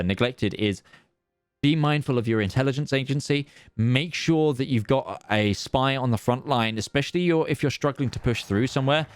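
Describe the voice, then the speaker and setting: A man giving live esports commentary, chatty and excitable, full of fillers and restarts. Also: mid-range voice, clean tone, dry recording. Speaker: esports caster.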